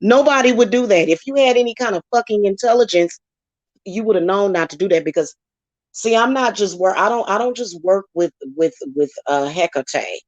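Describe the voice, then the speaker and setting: Here the same channel host and spiritual reader lashes out at critics in a heated, foul-mouthed rant, speaking expressively at a moderate pace. Her voice sits in the mid-range, with no echo but the high frequencies cut off.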